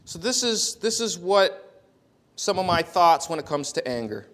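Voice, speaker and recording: Guy pastor preaching, high-pitched, swings loud and soft, repeats words on restarts. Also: measured pace. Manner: animated storytelling, swings from loud to quiet. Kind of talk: sermon. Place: church.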